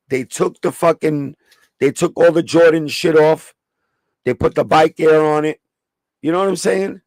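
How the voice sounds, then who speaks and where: A man's voice: fairly high pitch, gravelly, dry recording. A man with a New York accent hosting a casual sneaker livestream, swearing freely and talking with viewers in the chat. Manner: profane, streetwise, chatting with live viewers.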